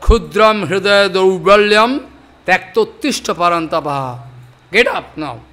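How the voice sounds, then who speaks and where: A man's voice: high-pitched, lively intonation, a little slow, bright, forceful tone. An older man giving a devotional discourse, chanting verses and explaining them with repeated emphatic phrases. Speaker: spiritual teacher.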